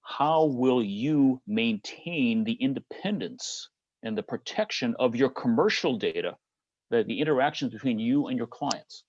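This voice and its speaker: A man's voice: mid-range voice, a little mellow, no room sound, highs cut off. A man with a Midwestern American accent giving a conference keynote, posing rhetorical questions to the audience. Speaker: conference speaker.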